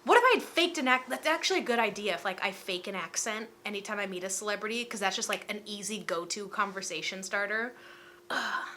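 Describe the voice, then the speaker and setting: A young woman in her twenties telling a casual storytime vlog, chatty and animated and full of filler words. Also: medium pitch, fast, hardly any pauses, slight background noise. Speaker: storytime vlogger.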